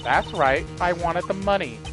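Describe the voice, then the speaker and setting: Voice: mid-range voice, expressive, moderate pace, a bit bright, lightly acted. A game player voicing a cold, scheming young woman who taunts with sneering remarks, over game music. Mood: mocking.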